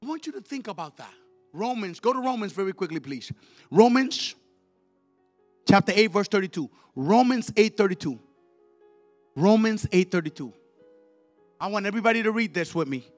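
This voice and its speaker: A male evangelist preaching a fiery sermon in a church, leading call-and-response and swinging from quiet words to shouted, repeated lines. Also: high-pitched, lively intonation, normal speed, pauses often. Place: church sanctuary. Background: faint music from the musicians.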